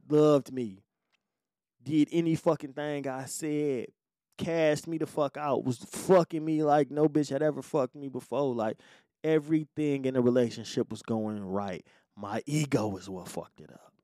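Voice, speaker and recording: A podcast host near forty, his mid-range voice a little mellow, narrates a personal story in a frank, easygoing, foul-mouthed way, with frequent "you know what I'm saying" asides. The podcast microphone gives studio quality with no echo.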